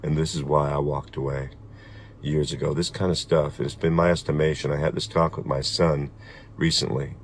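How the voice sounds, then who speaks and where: Middle-aged guy with a super deep voice talking to camera, slow and firm. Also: level tone, slight background noise. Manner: measured, deliberate, firm. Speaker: vlogger. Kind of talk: personal video message.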